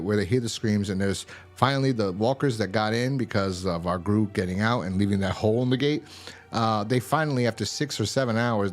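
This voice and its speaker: A man casually recapping a TV episode in a rambling way, with many fillers and restarts. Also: lowish voice. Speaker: TV episode reviewer.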